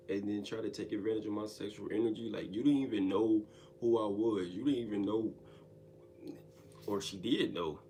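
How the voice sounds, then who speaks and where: A low-voiced man spins a personal story in loose casual talk, cursing freely and jumping from near-yelling to hushed asides. A faint hiss of background noise sits under his voice. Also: moderate pace. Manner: animated, profane, swings between yelling and hushed.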